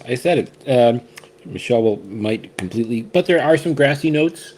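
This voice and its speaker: A man's voice: a little high, moderate pace, a little mellow. A man hosting a casual whiskey tasting chat, rambling and restarting often as he shares his impressions. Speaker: whiskey reviewer, co-host.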